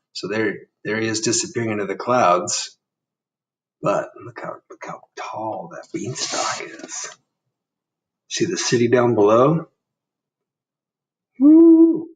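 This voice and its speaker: Friendly teacher reading to young kids. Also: male voice, fairly low pitch, big pitch swings, slow, pauses often, recorded from a distance, a little hiss or hum. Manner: gentle, chatty, asks kids questions. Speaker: first grade teacher. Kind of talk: reading a picture book aloud to children. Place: indoor room.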